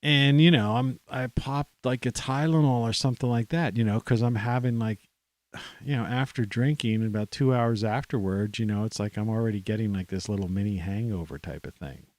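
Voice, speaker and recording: A man's voice: medium pitch, moderate pace, darkish tone, no echo. A middle-aged American man hosting a live stream, talking in a rambling, casual monologue full of "you know" and restarts. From United States. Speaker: livestream host.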